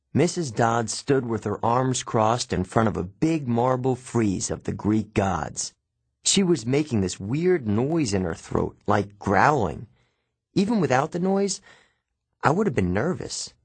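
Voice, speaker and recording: A man narrating a first-person novel with expressive, wry storytelling, recorded close on a studio mic. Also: medium pitch, slightly rough, dry recording. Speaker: audiobook narrator.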